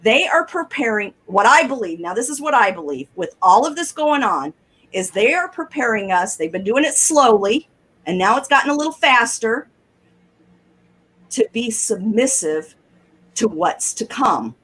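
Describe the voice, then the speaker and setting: A middle-aged woman, telling animated stories on a talk show and acting out the people she quotes. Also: on the high side, moderate pace, slightly rough. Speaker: guest caller. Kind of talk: casual storytelling on a talk show.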